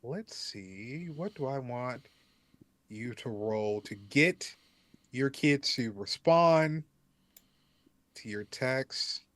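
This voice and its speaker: A man narrating a tabletop role-playing game as game master, pausing often with ums as he thinks. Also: medium pitch, lively intonation, fairly bright tone, dry recording. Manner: slow, hesitant, many ums.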